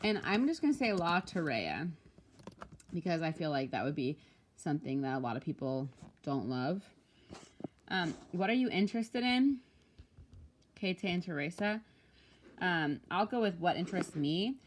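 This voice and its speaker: A woman Spanish teacher walking through homework answers, explaining patiently and slowing down to pronounce each Spanish example. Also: lowish voice, sing-song, slight background noise. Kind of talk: recorded homework walkthrough.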